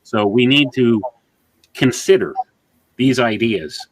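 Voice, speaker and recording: A man's voice: mid-range voice, lively intonation, takes it slowly, no room sound, poor audio. A man hosting a religious interview, speaking earnestly and with a preacher's emphatic repetition into a home microphone. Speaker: host. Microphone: home microphone with adjustable gain.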